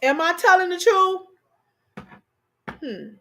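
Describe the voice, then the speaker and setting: A woman's voice: very high-pitched, very animated, slow pace, bright, forceful tone. A woman co-hosting a casual chat, telling stories animatedly, repeating phrases for emphasis and talking straight to her audience. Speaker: co-host.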